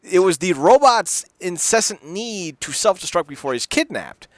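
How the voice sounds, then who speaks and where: A man co-hosting a podcast in casual, profane chat, animated and rambling with many restarts. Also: high-pitched, moderate pace, no echo. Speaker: podcast co-host.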